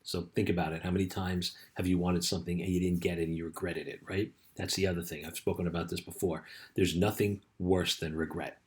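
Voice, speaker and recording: With hardly any pauses and a brisk pace, a fairly low-voiced middle-aged man gives a relaxed, life-coach-style pep talk. He tells his story loosely, sprinkling in "you know" and "right?" as he goes.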